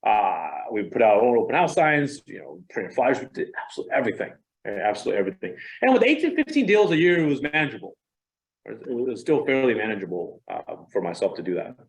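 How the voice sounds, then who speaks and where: A man's voice: mid-range voice, huge pitch swings, brisk, rough recording. A middle-aged man giving a casual training talk to real estate agents. He speaks conversationally and animatedly, with a self-deprecating manner.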